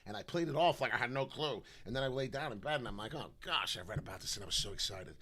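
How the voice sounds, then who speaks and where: A brash man with a New York accent, rambling excitedly on a live crypto chart stream, jumping between loud outbursts and low mutters. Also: fast, a little hiss or hum. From New York / New Jersey. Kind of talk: casual live stream chat.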